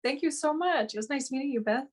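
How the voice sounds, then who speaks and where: A woman's voice: sits high, fast. A woman from Vietnam, an actress being interviewed, talking casually and laughing often, with no accent. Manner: chatty, laughs often between phrases.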